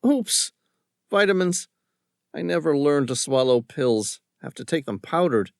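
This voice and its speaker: A male narrator voicing a cocky young lawyer with a Southern accent, smooth-talking and smug. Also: on the high side, expressive, a little slow, dry recording, clean studio sound, voice pushed up. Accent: American Southern.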